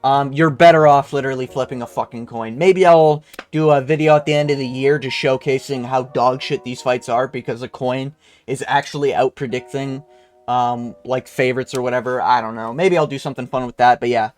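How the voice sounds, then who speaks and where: A man's voice: medium pitch, steady tone, brisk. A young man from Canada ranting casually and bluntly about fight results, crude and rambling with lots of fillers. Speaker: MMA commentator reviewing fight results. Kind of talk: casual profane rant.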